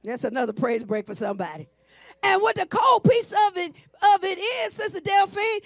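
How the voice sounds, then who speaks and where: A woman pastor preaching a sermon, swinging between hushed asides and shouted lines. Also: very high voice, animated, moderate pace, no room sound. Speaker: senior pastor.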